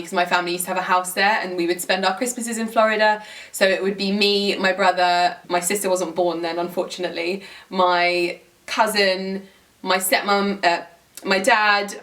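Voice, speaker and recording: A woman's voice: medium pitch, fairly bright tone, distant mic. A young woman, talking to camera in a giggly, rambling vlog style with many fillers. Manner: giggly, rambling, heavy use of "like". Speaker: lifestyle vlogger. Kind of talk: chatty storytelling to camera.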